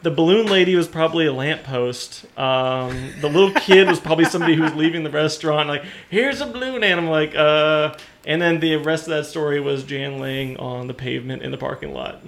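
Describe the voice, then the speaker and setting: Male podcast co-host, teasing and wry, slightly high voice. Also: steady tone, a little fast, vocal fry, hardly any pauses. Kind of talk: casual chat.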